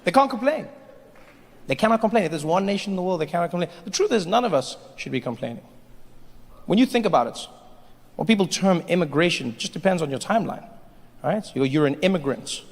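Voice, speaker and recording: A male stand-up comedian telling an animated, playful story to a live audience on a large theater stage. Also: sits high, brisk, long reverb tail. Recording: live theater, crowd laughter.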